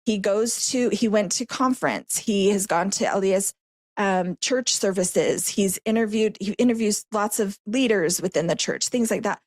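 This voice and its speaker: A woman telling a story in a casual interview, chatty and animated, laughing between phrases. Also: medium pitch, moderate pace, no room sound. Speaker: podcast co-host, guest.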